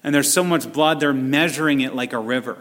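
A man preaching a sermon, animated and conversational, acting out voices and asides as he teaches. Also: medium pitch, a little fast, long reverb tail. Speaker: pastor.

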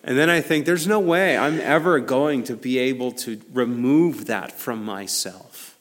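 A man preaching a sermon in a conversational way, building to emphatic peaks and then dropping low and quiet. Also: measured pace, big-room sound. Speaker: pastor.

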